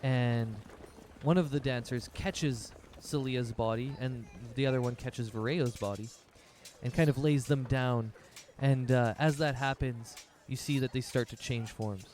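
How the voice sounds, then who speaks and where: A man's voice: medium pitch, steady tone, unhurried, darkish tone. Rambling man running a tabletop game. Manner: rambling, with many fillers like "um" and "like". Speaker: game master.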